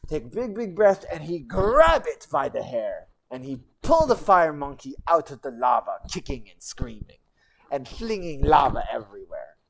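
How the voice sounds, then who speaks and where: A woman's voice: deep voice, very animated, moderate pace, gravelly. A woman streamer telling a goblin legend in rambling, broken goblin-style grammar, with chatty asides. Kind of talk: casual livestream storytelling.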